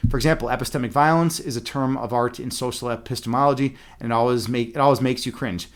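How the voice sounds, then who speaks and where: A man telling a story in a casual rant, animated and profane, with many fillers and restarts. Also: mid-range voice, quick pace. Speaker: streamer.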